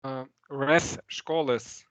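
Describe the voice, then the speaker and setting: A man's voice: mid-range voice, steady tone, drawn-out words, fairly bright tone, dry recording, muffled recording. A man student asking hesitant questions over a video call. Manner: inquisitive, hesitant.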